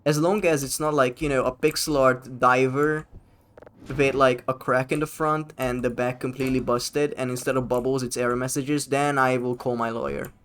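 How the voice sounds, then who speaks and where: A man's voice: mid-range voice, level tone, moderate pace, a bit bright, slight background noise. A man live-streaming a game, chatting casually with his chat, rambling and swearing freely.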